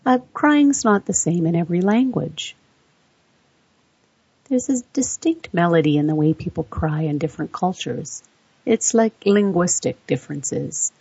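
Slow, gravelly-voiced woman narrator. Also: lowish voice, animated, mellow, no echo. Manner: measured, explaining research facts point by point. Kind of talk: explanatory voice-over narration. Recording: dull lo-fi dry recording.

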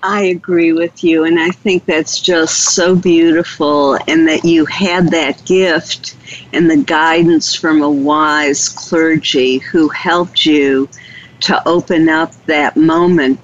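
A woman hosting a radio talk show, answering her caller with gentle, affirming words. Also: deep voice. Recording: dull lo-fi broadcast audio.

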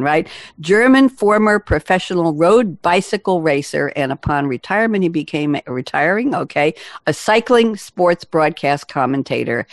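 A woman's voice: sits low, no room sound, clean studio sound. A woman hosting a business podcast, chatty and playful as she introduces her guests' quotes. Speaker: podcast host.

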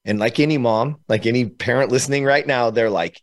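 A man from California telling an emotional personal story as a podcast guest, animated and laughing between phrases. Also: mid-range voice, a little fast.

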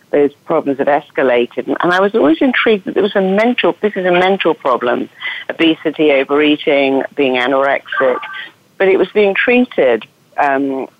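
A woman's voice: low-pitched, no room sound. English lady guest, upbeat and chatty, kinda muffled audio. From England. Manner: enthusiastic, chatty storytelling. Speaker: guest therapist. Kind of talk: podcast interview.

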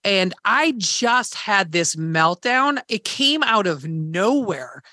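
A woman's voice: medium pitch, lively intonation, takes it slowly, pushed and bright, no echo, clean studio sound. A woman hosting a podcast, candidly retelling a hard experience in casual chat, swearing freely and acting out quoted dialogue. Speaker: podcast host.

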